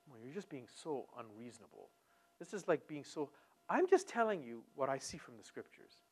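A man preaching a sermon, talking with great animation, swinging from hushed tones to loud and repeating words as he builds a point. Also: medium pitch, very animated, moderate pace, breathy edge. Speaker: pastor.

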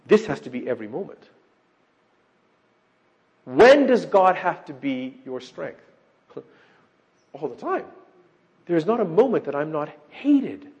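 A middle-aged man preaching a sermon, emphatic, swinging from loud declarations to quiet asides and asking repeated rhetorical questions. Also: mid-range voice, rough recording. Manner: emphatic, rising and dropping sharply in loudness, with repeated rhetorical questions.

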